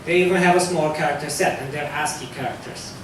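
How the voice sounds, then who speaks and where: Man lecturing in an echoey hall. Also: quick pace. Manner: loose, conversational, with fillers and self-corrections. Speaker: security talk presenter. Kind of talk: live technical lecture. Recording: echoey hall from far off, faint rumble.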